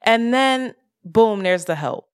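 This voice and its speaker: A woman co-hosting a podcast, talking casually in a profane, animated rant about money and frustration. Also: on the high side, slow pace, smooth. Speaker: podcast co-host. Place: lives in Brooklyn.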